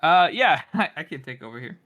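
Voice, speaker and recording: A man's voice: fairly high pitch, very animated, brisk, sharp tone. A man co-hosting a book podcast, retelling a scene casually and laughing often. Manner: giggly, laughs through retelling. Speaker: podcast co-host.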